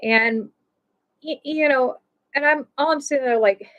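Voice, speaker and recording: A woman with a high voice tells a personal story on her live show. She talks in an emotional, rambling way, often restarting her sentences and filling the gaps with "you know". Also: measured pace, muffled recording.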